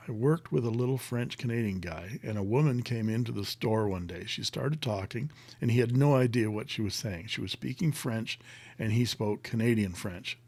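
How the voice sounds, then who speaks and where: A man's voice: mid-range voice, a little mellow, dry recording. A man hosting a casual live stream, chatting and reading viewer comments aloud in a rambling way with many fillers.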